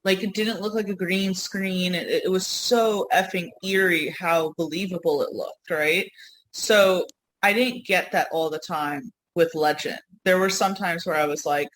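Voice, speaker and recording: A woman with a New York accent tells stories in loose, rambling chat on her podcast. Her voice is bright and a little sharp, and she talks with lots of energy. A faint hiss sits behind her. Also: fairly low pitch, a little slow, low-quality recording. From Yonkers, New York. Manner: rambling, animated storytelling. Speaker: podcast co-host. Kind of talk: casual chat.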